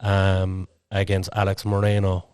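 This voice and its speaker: A man's voice: low voice, monotone, a little slow, darkish tone, clean tone, dry recording. A man co-hosting a podcast, chatting casually in a rambling way with lots of fillers. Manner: rambling, filler-heavy storytelling. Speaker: podcast co-host and interviewer.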